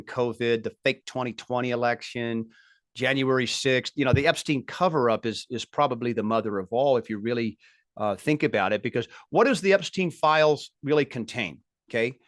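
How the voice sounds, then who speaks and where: A man hosts a political commentary show in a dry, close-miked monologue. His voice sits in an ordinary middle pitch. He piles up indignant points in emphatic, rising bursts. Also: fairly bright tone, no echo.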